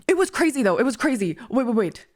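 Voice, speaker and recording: A young adult woman streamer telling a story casually, animated and laughing often as she acts out what people said. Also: fairly high pitch, normal speed.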